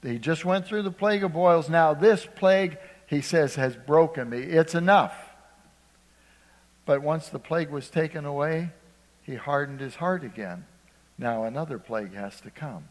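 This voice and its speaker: An older man from Ohio preaching a sermon, shifting between loud emphasis and hushed, conversational storytelling. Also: on the high side, moderate pace, big-room sound. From Ohio, USA.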